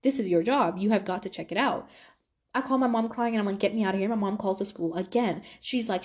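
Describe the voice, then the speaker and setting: A woman's voice: mid-range voice, quick pace. Young woman chatting on her podcast. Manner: chatty, animated retelling with quoted voices and fillers. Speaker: podcast host. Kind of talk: casual storytelling monologue.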